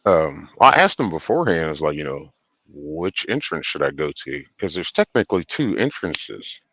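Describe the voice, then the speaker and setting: A man's voice: very deep voice, very animated, moderate pace, fairly bright tone, no echo, poor audio. A man hosting a livestream, telling a casual, profane, rambling story and laughing often. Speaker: livestream host.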